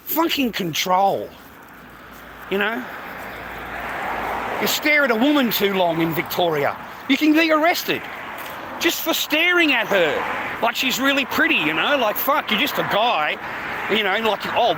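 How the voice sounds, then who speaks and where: A man's voice: sits high, noisy background. Blunt, profane Australian man in his fifties. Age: 50s. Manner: blunt, profane, repetitive, calls listeners mate. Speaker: livestreamer. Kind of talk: ranting street livestream.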